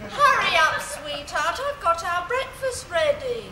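A woman's voice: very high-pitched, very animated, very noisy, exaggerated voice. An actress playing an affectionate young woman calling sweetly to her lover in a sitcom. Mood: cooing. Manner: cooing, drawn-out endearments. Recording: roomy echo, heard from off.

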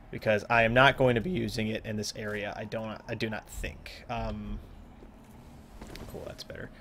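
A man's voice: lowish voice, a bit bright, slight background noise. A young man casually commenting on his own gameplay, rambling, joking at himself and trailing off into mumbles. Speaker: let's play host.

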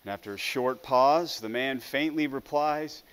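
A man's voice: medium pitch, a little slow, a bit bright, smooth. A man preaching a sermon in an earnest way, often stumbling over the first word of a phrase. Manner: earnest, with frequent stammered restarts.

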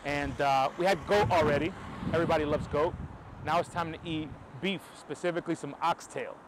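Excited New York man vlogging outdoors. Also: a little high, fairly quick, background noise. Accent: New York American. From New York, USA. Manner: excited, chatty, swears casually. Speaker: film photography vlogger. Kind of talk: casual vlog to camera. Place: outdoors on a city street.

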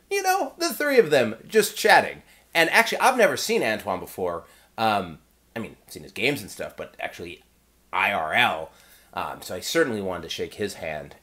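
A man who designs and reviews games, telling a rambling convention story in a casual vlog with excited restarts. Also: lowish voice.

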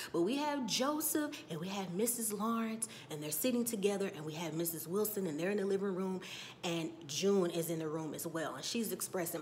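Woman doing a chatty sassy tv recap, animated, mid pitch, faint rumble behind. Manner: animated, acts out characters' lines, chatty and sassy. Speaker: TV recap vlogger. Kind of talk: casual TV episode recap.

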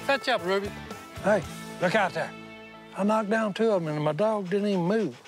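Over background music, an older Southern US man from a reality show rambles through folksy banter, to-camera asides, and scolding his dog. His voice is high and his pace moderate.

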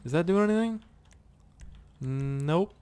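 Young canadian dude swearing thru gameplay, voice jumps all over, rambly. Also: male voice, a little high, slow, clear, resonant tone. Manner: profane, rambling, excitable with sudden yelps. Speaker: gaming channel host. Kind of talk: gameplay commentary.

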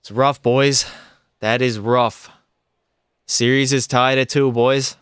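A young man streaming a hockey video game, giving excitable, frustrated play-by-play and talking to his chat. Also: medium pitch, slow, clean tone. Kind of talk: live gameplay commentary.

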